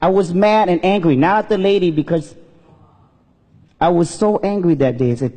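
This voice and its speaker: Husky, high-voiced man telling a story on stage. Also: moderate pace, pauses often, warm tone. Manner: earnest, emotional storytelling. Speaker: comedian giving a speech. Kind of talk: personal storytelling speech. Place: stage in a hall. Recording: long reverb in a hall.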